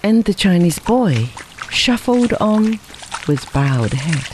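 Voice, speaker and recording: A narrator reading a story aloud in a slow, measured way. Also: mid-range voice, very animated, darkish tone, slight background noise, low-quality recording. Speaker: audiobook reader.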